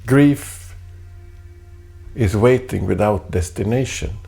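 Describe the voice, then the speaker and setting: Slow, gravelly man musing aloud. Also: fairly low pitch, soft background music. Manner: deliberate, halting, repeats phrases, soft laughs. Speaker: artist performing a spoken text. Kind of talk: slow reflective spoken essay. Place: home.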